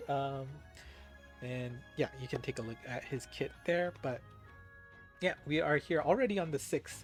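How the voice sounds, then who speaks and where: A man hosting a casual game news recap, chatty with many filler words, over faint background music. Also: medium pitch.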